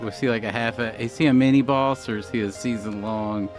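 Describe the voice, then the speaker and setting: A man co-hosting a podcast, riffing playfully and pitching ideas in casual chat. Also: steady tone, a little fast, faint music behind. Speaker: podcast co-host.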